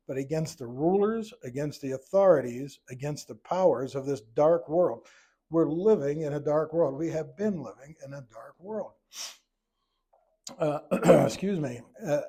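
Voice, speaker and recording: A man's voice: fairly high pitch, dark tone, breathy edge. A middle-aged man teaching a church Bible study lesson, folksy, with chuckling asides and restarts.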